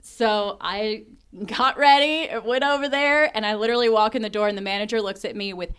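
A woman's voice: a little high, fairly even intonation, brisk, a bit bright, clean tone. A woman co-hosting a casual chat podcast, telling stories animatedly, laughing often and dropping into mock whispers. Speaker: podcast co-host.

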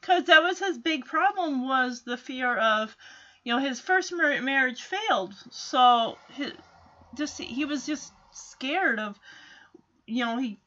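Giggly high-voiced woman recapping a show. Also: lively intonation, slow pace, bright, forceful tone, highs cut off. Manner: giggly, chatty, laughs often. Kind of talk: casual episode recap.

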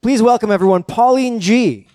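A man's voice: extremely high pitch, moderate pace, a little mellow, a faint crowd, slight background noise. A man hosting a show, introducing the next act casually and with a few fillers. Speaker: show host. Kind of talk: introducing acts.

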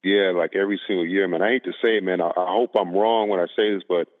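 A man calling into a sports talk show, speaking haltingly and filling his sentences with "you know" and "um.". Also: sits low, fairly even intonation. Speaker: caller. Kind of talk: casual sports chat. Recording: tinny phone line.

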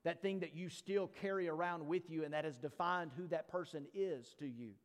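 Man preaching in a reverberant hall. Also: a little high. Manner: reads scripture briskly, then preaches slowly with rhetorical questions; playful asides to the congregation. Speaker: pastor. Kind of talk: sermon.

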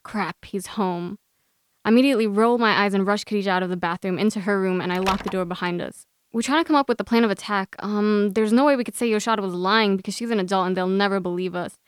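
Young woman guest reading her own story, smooth and clear voice, close and dry. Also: mid-range voice, fast, few pauses, no echo. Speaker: guest author. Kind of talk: reading a personal essay aloud.

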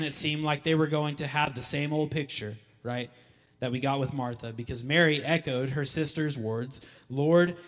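A male pastor preaching a sermon emphatically, repeating key lines and building to loud calls. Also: medium pitch. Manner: emphatic, repeats lines for effect, rising to shouts. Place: church hall. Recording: long hall reverb.

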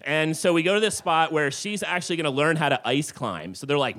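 A man's voice: fairly high pitch, fairly quick, few pauses. A middle-aged man telling a rambling true story to a live audience in a tavern, with lots of fillers. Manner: animated, rambling with many fillers.

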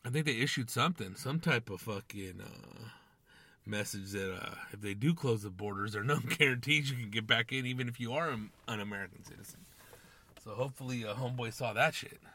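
A young man hosts a podcast, rambling casually in a medium-pitched, fairly quick voice with a bright, forceful tone, recorded dry. His casual monologue is packed with swearing and slang, and he keeps saying "dude" and "man."

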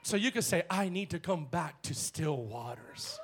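A male pastor preaching a bold sermon in church, swinging from shouted lines to hushed ones. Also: a little high, animated, normal speed, husky.

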